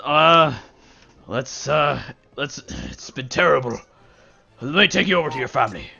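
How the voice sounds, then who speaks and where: A man's voice: medium pitch, sing-song, a little slow, vocal fry, sharp tone, husky, full character voice. A man voicing a grumbling middle-aged man who has reluctantly gone sober. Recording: dull lo-fi voice chat.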